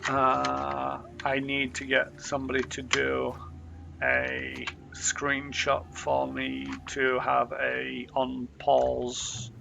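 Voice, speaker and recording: A man's voice: medium pitch, monotone, extremely slow, vocal fry, crowd noise. A young man streaming a video game, rambling in loose commentary full of ums and uhs.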